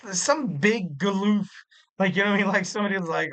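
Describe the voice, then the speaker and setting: A man's voice: high voice, brisk, fairly bright tone. A man hosting a casual solo wrestling podcast, rambling and jokey, with lots of filler words. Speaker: podcast host.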